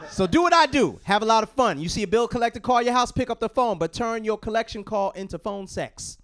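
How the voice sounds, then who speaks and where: A male stand-up comedian with a high, lively voice that swings widely in pitch. He tells stories on a small studio stage and acts out the other people in them. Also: fairly quick. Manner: animated storytelling with acted-out voices. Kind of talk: stand-up routine.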